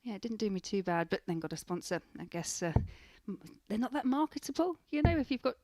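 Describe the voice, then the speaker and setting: Woman from England, ex-player co-commentator, mid-pitched, dry close sound, analytical. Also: very animated, fast, darkish tone, no echo. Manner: conversational, analytical, laughs easily. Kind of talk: live sports commentary.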